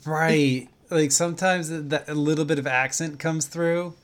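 A man's voice: a little high, normal speed. A man co-hosting a casual podcast about cult films, who talks in an easygoing way and steers the episode. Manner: relaxed, wraps up the episode. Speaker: podcast co-host. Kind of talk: casual chat.

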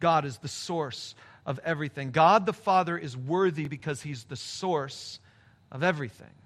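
Brief: male pastor, high and bright voice, emphatic storyteller. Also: moderate pace. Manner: storytelling, emphatic, shifting pace. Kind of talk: sermon.

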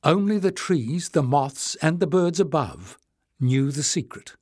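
A man's voice: a little high, animated, unhurried, darkish tone, no echo, clean studio sound. A man voicing an eager young male adventurer in an audiobook, speaking earnestly. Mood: explaining.

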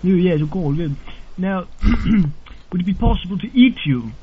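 A man acting a posh, overly polite English gentleman on a prank phone call. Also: sits high, animated, unhurried. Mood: politely creepy. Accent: put-on posh English. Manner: overly polite, formal, insistent. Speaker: prank caller. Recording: dull lo-fi recording with faint noise.

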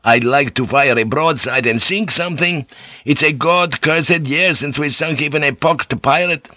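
A man voicing a gruff, bloodthirsty male ship's gunner who grumbles coarsely. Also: fairly high pitch, moderate pace, bright, forceful tone, no room sound, pitched above the performer's own voice. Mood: grumbling.

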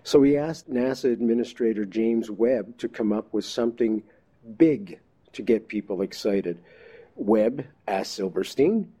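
A man's voice: mid-range voice, measured pace, warm tone, slightly rough. A man hosting an interview, speaking to his audience as folks and reading a short passage aloud. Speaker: interview host. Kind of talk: talk show interview, reading to listeners.

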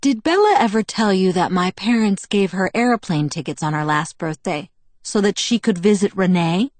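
Woman reader voicing a composed, polite young man in a storybook, mild and even, dry sound. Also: medium pitch, normal speed, dry recording, natural voice. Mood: calm. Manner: conversational, mild, innocent-sounding.

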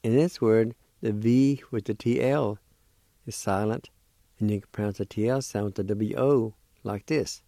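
A man patiently teaching words syllable by syllable on a radio lesson, repeating each sound slowly. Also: on the low side, steady tone, warm tone, no room sound. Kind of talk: slow spelling and pronunciation lesson.

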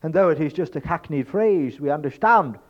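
A man giving a spoken lecture in an emphatic, rhetorical way, swinging between loud stresses and hushed asides. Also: fairly high pitch, animated, normal speed. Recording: dull lo-fi recording.

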